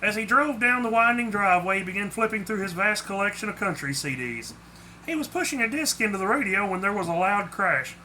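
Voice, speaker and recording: A man's voice: high voice, lively intonation, brisk, bright, forceful tone, a little hiss or hum, rough recording. A man reading aloud his own short story, with small slips. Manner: plainly spoken with small slips. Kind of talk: storybook narration.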